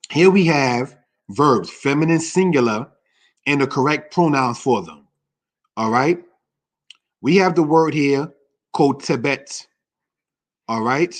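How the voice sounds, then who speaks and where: A man teaching a Hebrew class over slides, repeating points and calling listeners brothers and sisters, saying vocabulary slowly. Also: mid-range voice. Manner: says vocabulary slowly and deliberately. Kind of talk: slide-based language lesson.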